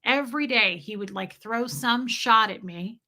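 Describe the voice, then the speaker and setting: A woman's voice: fairly high pitch, a little slow, bright, forceful tone. A woman hosting a livestream, telling personal stories bluntly and reading viewer comments aloud. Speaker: livestream host. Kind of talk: casual livestream storytelling.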